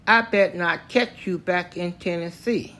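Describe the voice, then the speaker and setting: An older man quoting a stern, threatening Southern lawman in his storytelling voice, speaking slowly. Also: sits high, bright, forceful tone, pitched below the performer's own voice, full character voice. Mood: menacing. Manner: curt, menacing commands.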